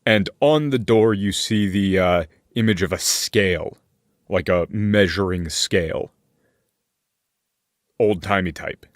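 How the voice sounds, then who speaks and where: Role: game master. Sex: man. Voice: low, recorded dry and close with no room sound. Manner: loose, filler-heavy scene narration. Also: slow pace, pauses often, no echo.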